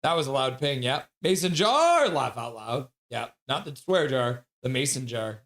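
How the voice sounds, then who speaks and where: A man hosting a casual live stream, reading out viewer chat with frequent laughs and excited outbursts. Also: medium pitch, normal speed. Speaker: livestream host.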